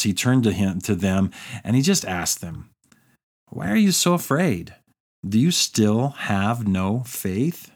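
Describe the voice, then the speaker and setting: Low-voiced man preaching conversationally. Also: darkish tone. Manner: conversational preaching, acts out quoted prayers. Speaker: pastor. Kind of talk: sermon.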